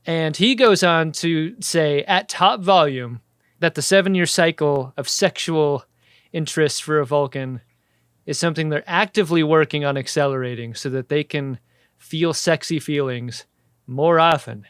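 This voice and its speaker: Male podcast co-host, slightly high and clear, dry close mic, crude jokey banter. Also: normal speed, a bit bright, no room sound. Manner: crude, joking, acts out quotes. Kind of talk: casual comedic chat.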